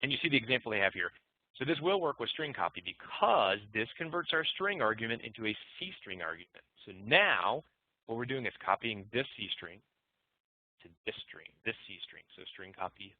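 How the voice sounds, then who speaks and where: A man teaching programming in a recorded lecture, relaxed and thinking aloud as he walks through code. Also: medium pitch, a little fast, no room sound. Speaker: programming instructor. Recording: muffled phone-like dry audio.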